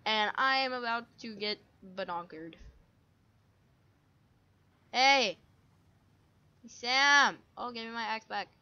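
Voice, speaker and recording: A woman's voice: fairly high pitch, slow, pauses often, sharp tone, smooth, highs cut off. A woman giving casual, goofy commentary while playing a game, full of silly sound effects. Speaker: gamer.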